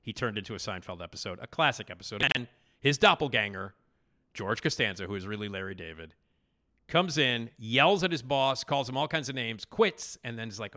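A man hosting a podcast, casually retelling a TV backstage story with animated emphasis and frequent fillers. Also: medium pitch, a little fast. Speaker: podcast host.

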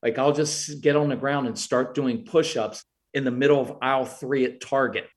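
Man, middle-aged, earnest, explains parenting tips, mid-pitched voice. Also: fairly even intonation, moderate pace. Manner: earnest, acts out quoted lines to parents and kids. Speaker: parenting guest expert. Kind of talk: interview answers.

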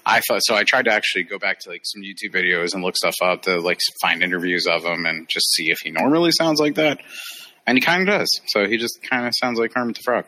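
Bright-voiced man in casual chat. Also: on the low side, quick pace. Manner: opinionated, laughs often, dismissive asides. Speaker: podcast co-host.

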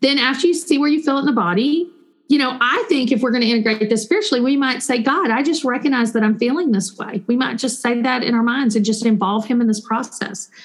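A woman, a Christian counselor and author answering interview questions in an animated way. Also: a little high, fast talker. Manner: animated, warm storytelling with quoted voices; guides listeners through a breathing exercise.

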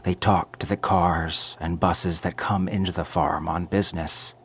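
A man narrating a first-person story in a measured, brooding way. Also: low voice, steady tone, a bit bright, a little hiss or hum.

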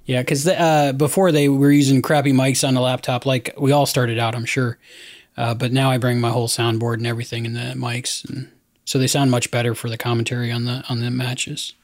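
Male podcast host, mid-pitched, loose rambling talker, dry sound. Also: flat delivery, a little fast, no echo. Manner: rambling, many fillers and restarts. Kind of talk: casual chat.

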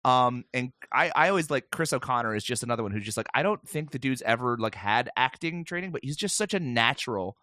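Lively, bright-voiced male guest. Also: medium pitch, quick pace, hardly any pauses, no room sound, clean studio sound. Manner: enthusiastic, many "like" fillers. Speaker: composer and actor, podcast guest. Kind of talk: casual podcast chat.

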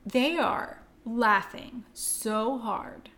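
A woman's voice: a little high, very slow, sharp tone. A woman co-hosting a casual film-review chat, chatty and laughing often, with frequent fillers. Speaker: podcast co-host.

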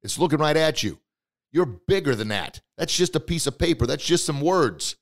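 A man hosting a motivational podcast, coaching listeners directly with excitement and bursts of emphatic shouting. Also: a little high, normal speed. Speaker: podcast host.

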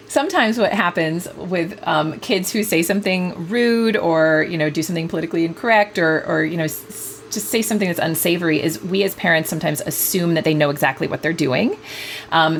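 A woman talks through parenting ideas as an interview guest, in a lowish voice with a gravelly edge. She speaks thoughtfully, pausing often with fillers and starting sentences over. It sounds like an easygoing conversation. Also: slight background noise. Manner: thoughtful, many fillers and restarts. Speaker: guest author, parenting expert; mother.

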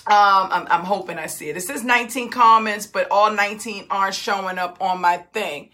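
A woman's voice: mid-range voice, a little fast, sharp tone. A middle-aged woman hosting a group coaching call, talking in a fired-up, emphatic way. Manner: fired-up, emphatic, laughs often. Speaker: host.

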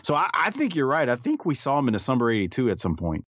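A man's voice: mid-range voice, wildly swooping pitch, fast, a bit bright, slightly rough, no echo. A man co-hosting a casual podcast, talking with hesitant restarts and easy laughter. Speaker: podcast co-host. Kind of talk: casual podcast review chat. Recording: dull, dry lo-fi mic.

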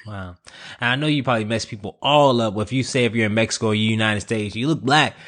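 A man's voice: fairly low pitch, fast talker, a bit bright. A man hosting a podcast interview, friendly and jokey, laughing along with his guest. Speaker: podcast host. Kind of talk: casual interview talk.

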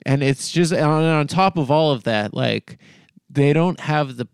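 A man's voice: fairly high pitch, animated, a little slow, vocal fry, smooth, dry recording, clean studio sound. A man co-hosting a comedy podcast in casual chat, rambling with lots of "like" and restarts. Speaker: podcast co-host.

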